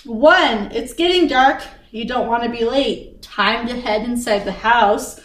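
A woman with a somewhat high, bright voice reads a spooky gamebook aloud for her co-host. She reads with animation and often stops to laugh or chat. The sound is roomy and echoey, as if the mic sits a little way off. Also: measured pace. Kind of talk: casual read-aloud storytelling. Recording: roomy echo, distant from the mic.

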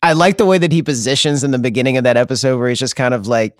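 A man talks loosely as a podcast guest, trailing into fillers and breaking into laughs. His voice sits at a middling pitch. The recording is dry and close. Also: racing, few pauses, dry recording. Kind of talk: casual chat.

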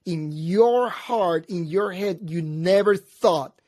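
A man's voice: high voice, slow, a little mellow, no echo, studio quality. A man hosting a casual conversation, earnest and repeating himself for emphasis.

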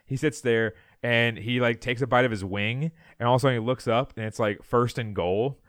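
A man co-hosting a podcast, telling a story in casual chat and acting out loud quotes, with many fillers. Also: mid-range voice, a little fast, no echo, studio quality. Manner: animated storyteller, acts out shouted quotes. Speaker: podcast co-host.

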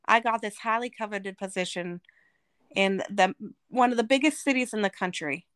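Woman from Arizona, guest giving testimony; smooth, mid-pitched voice, heartfelt delivery. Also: normal speed, a bit bright, dry recording. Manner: earnest, emotional storytelling. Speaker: podcast guest. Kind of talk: personal testimony in conversation.

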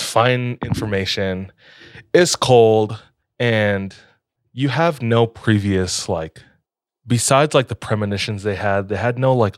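A man's voice: lowish voice, no room sound, studio quality. A young man casually telling a spooky story on a podcast, laid-back with lots of filler words.

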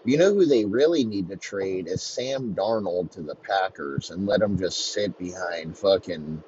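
A low-voiced man rambles through a profane comedic rant on his podcast. His delivery is loose and rambling. The recording is slightly dull, with faint hiss beneath it. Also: a little mellow. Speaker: podcast host. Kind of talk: crude comedic sports rant.

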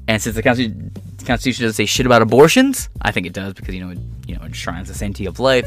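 A man rants through a reaction commentary, swearing freely and leaning on sarcasm. His tone is combative and direct, addressing the listener head-on. Faint music sits in the background. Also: lowish voice. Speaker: political commentator.

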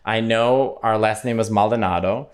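Chatty man telling family stories. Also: moderate pace. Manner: animated storyteller, high-pitched laughing put-on voices in quotes. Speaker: comedian guest. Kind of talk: casual interview chat.

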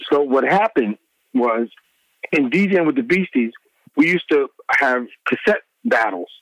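A middle-aged man, a former radio DJ, telling animated stories in an interview and acting out the people he quotes. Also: unhurried, dry recording, low-quality recording. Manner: acts out quoted people with big pitch swings.

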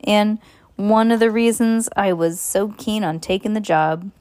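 A big, bearded, gruff gentle giant of a gamekeeper, as a mother reads him aloud from a storybook. He speaks in casual, rough, clipped phrases at a middling pitch. The delivery stays close to an everyday reading voice. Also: unhurried, close to an everyday voice. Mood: rueful. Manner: rough dropped-word speech, stumbling over lines while reading.

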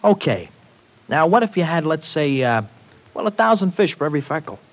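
A streetwise young working-class tough, talking slangy New with dropped grammar. His fairly high voice swings all over the place in classic 1940s radio-drama style. The sound is an old radio broadcast recording. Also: sing-song, a little fast, low-quality recording.

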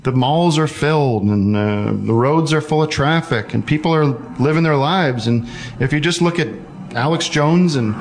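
A man hosts a casual call-in show. He rambles in loose, halting phrases, circling back and restarting his thoughts. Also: on the high side, slight background noise. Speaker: podcast host taking calls.

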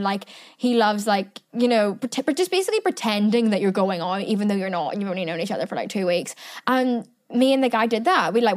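A woman's voice: medium pitch, darkish tone. A woman in her twenties hosting a podcast, chatting casually and rambling with lots of fillers. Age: 20s. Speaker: podcast host. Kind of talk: casual chat.

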